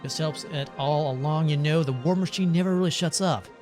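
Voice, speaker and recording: Over soft background music, a man with a slightly high, darkish, everyday-sounding voice reads briskly. He voices a bitter older man, once a big shot in money circles, who rambles and swears about war and greed in a bitter rant.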